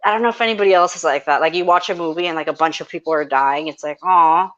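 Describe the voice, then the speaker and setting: A woman's voice: sits low, rapid-fire, highs cut off. A woman co-hosting a podcast in casual chat, teasing and swearing, laughing often. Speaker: podcast co-host.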